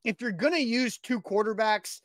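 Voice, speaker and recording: A man co-hosting a sports talk show, arguing his points emphatically and getting animated as he makes his case. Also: high voice, normal speed, no echo, clean studio sound.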